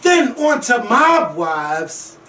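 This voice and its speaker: A man hosting a casual talk show, ranting bluntly and profanely about reality TV, with lively swings in loudness. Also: extremely high pitch, extremely slow, a little hiss or hum. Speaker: podcast host. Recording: echoey room, mic at a distance.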